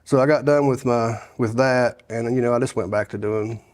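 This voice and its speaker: A man's voice: mid-range voice, fairly even intonation, normal speed, a little mellow. A middle-aged man, telling his life story in a casual interview, rambling with many restarts and "you know"s. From Sevier County, Tennessee. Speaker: guest sharing his testimony.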